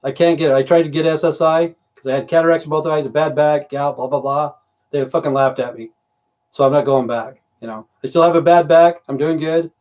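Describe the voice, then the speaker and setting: A man's voice: a little high, darkish tone. Rambling profane man on a livestream. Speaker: livestream host. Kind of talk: casual livestream rant. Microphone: computer mic on a livestream.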